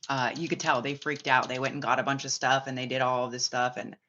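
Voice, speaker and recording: A spiritual reader telling a long personal story in a rambling, excitable way, swearing often and full of filler words. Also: mid-range voice, fast talker, slight background noise. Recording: slightly muffled lo-fi audio.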